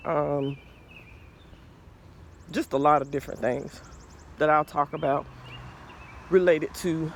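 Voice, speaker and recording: A podcast host in his forties speaks slowly in a gravelly, slightly high, steady voice, a little out of breath. He reflects thoughtfully and earnestly on faith and mental health, pausing and restarting. Slight background noise is present.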